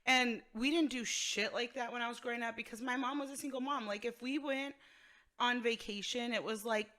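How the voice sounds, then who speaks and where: A woman's voice: on the high side, a little fast. A woman in her thirties from Texas, co-hosting a casual podcast chat, telling stories with lots of swearing and laughter. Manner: animated storytelling, profane, laughs often. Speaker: podcast co-host.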